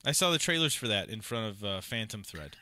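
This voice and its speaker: A man's voice: on the low side, sing-song, fairly quick, sharp tone, no room sound, clean studio sound. A man co-hosting a podcast, adding short wry quips and questions in casual chat. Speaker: podcast co-host.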